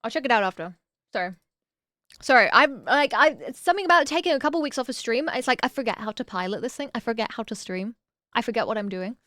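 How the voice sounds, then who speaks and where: A woman streaming casually, reading viewer messages aloud and answering them with bursts of excitement. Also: on the high side, fast, no room sound, clean studio sound.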